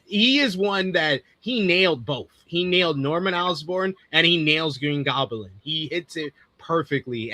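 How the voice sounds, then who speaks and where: A young man co-hosting a casual film review, halting and full of restarts as he gives opinions. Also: on the high side, bright, forceful tone, dry recording. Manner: halting, many restarts and fillers. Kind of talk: casual podcast chat.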